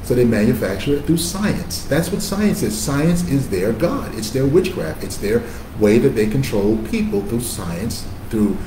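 A man's voice: mid-range voice, big pitch swings, measured pace, reverberant, background noise. A male pastor preaching a sermon in an emphatic, conversational style, calling on listeners to repeat after him.

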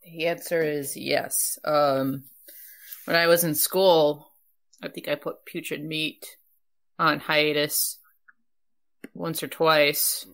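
Woman, podcast guest, low pitch, slow, halting, flustered. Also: little pitch movement, creaky, fairly bright tone. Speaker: webcomic creator, guest. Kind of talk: casual podcast chat.

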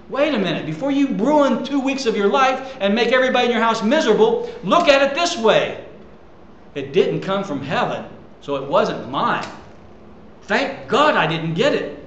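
A man's voice: high-pitched, a bit bright, reverberant, slight background noise, rough recording. A man preaching a sermon as pastor, talking conversationally and emphatically, throwing out rhetorical questions to his congregation. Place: church sanctuary.

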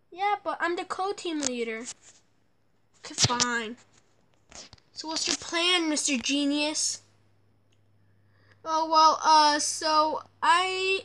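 A woman voicing a bossy boy who calls himself team leader, talking low and hushed in a silly game role-play. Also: noisy background. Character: bossy self-declared male team leader.

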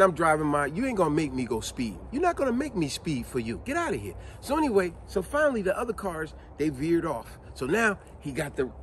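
A man's voice: sits high, a little hiss or hum. A man in his forties telling a funny story as a casual rant to his viewers, acting out what people said and laughing at himself. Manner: lively, acts out quotes, laughs at himself.

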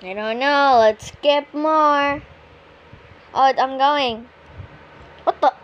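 A woman giving casual commentary on her own gameplay, exclaiming excitedly at whatever happens on screen. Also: sits high, very slow, highs cut off. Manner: excitable, exclaiming at the game as she plays. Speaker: gamer streaming her own play.

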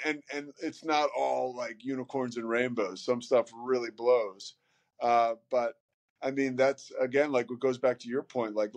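A man's voice: medium pitch, darkish tone. A man speaking as a podcast guest in casual conversation, candid and rambling, with many fillers and some swearing.

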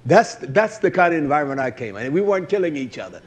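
A man preaching a sermon to his congregation, blunt and combative, with slangy talk that drops to low mutters and rises to loud outbursts. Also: sing-song, quick pace, slightly rough. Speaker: congregation leader.

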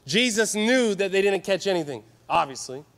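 A man from California preaching a sermon at a youth conference, energetic and calling for answers from the crowd. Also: sits high, moderate pace. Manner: energetic, call-and-response with the crowd. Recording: reverberant hall.

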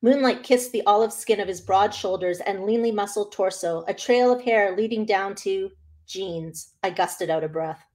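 A woman's voice: mid-range voice, moderate pace. Woman reading her novel expressively. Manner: expressive first-person narration. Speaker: author.

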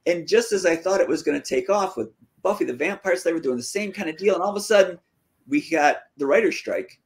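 Male author telling his story animatedly. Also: a little fast. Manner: lively, acts out quoted dialogue with pitch jumps. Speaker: fantasy author, interview guest. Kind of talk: casual storytelling.

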